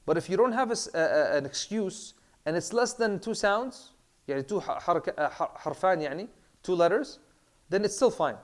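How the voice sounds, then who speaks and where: A man with a slightly high voice teaches Islamic prayer law in a loose, chatty way. He drops Arabic terms into his English and often stops to repeat himself or fill gaps with "uh" and "um". His throat is a little rough. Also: brisk. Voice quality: clears throat, says he has a bad throat. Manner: relaxed, mixes Arabic terms into English, many fillers and repeats. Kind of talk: casual classroom lecture.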